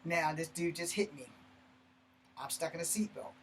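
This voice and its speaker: A man telling a personal story in a blunt, profane, animated way, breaking off and restarting mid-sentence. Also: fairly high pitch, normal speed, husky, poor audio. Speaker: martial arts channel host. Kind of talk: personal story told to camera.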